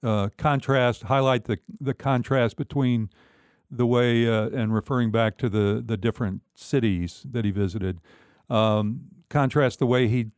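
A man's voice: medium pitch, fairly even intonation, measured pace, a little mellow, clear, resonant tone, dry recording, clean studio sound. A man co-hosting a talk show, asking a question hesitantly while searching for words. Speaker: co-host. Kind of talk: casual chat.

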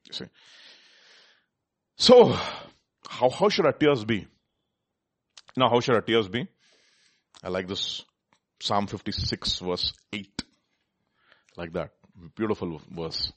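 A man's voice: lowish voice, animated, slow pace, long pauses, a bit bright. A man preaching a sermon, reading scripture aloud, asking his listeners questions and laughing often.

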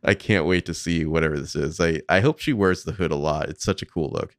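Casting note: man with a very low, gravelly voice, loose chatty commentary, dry close sound. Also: brisk, no echo. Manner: casual, swears freely, thinks aloud. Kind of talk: casual commentary on behind-the-scenes footage.

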